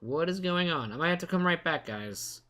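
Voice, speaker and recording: Excitable man streaming a game. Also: a little high, moderate pace. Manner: excitable, rambling, self-mocking. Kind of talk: live gameplay commentary.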